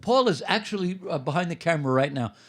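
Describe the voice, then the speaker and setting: A man's voice: on the high side, expressive, quick pace. Playful older man with sing-song delivery. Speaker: co-host. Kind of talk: comedic song and banter. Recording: loud banjo accompaniment.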